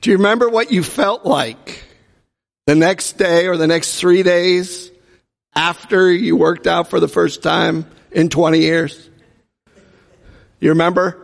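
A man's voice: high-pitched, steady tone, a little slow, gravelly, long pauses. A male pastor preaching a sermon with humorous storytelling, acting out the voices of the people in his stories. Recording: long reverb from a large hall.

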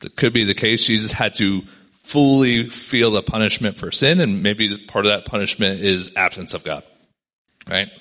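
A man's voice: lowish voice, normal speed, sharp tone. A man giving a casual, conversational sermon to a gathered group, often checking in with "right?" as he reads and explains a passage. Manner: conversational, keeps asking "right?". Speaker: pastor.

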